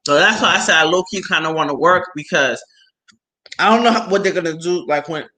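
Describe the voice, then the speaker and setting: A woman's voice: fairly low pitch, fairly quick, poor audio. A woman hosting a casual livestream on a phone, chatting with viewers and telling stories full of slang and laughter. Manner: animated storytelling with slang and laughs. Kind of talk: casual chat.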